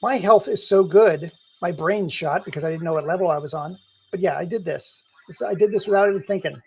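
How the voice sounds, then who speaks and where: A man's voice: high-pitched, brisk, gravelly, a little hiss or hum. A middle-aged man chatting casually and rambling while he plays a game on a live stream, laughing often and hiccuping.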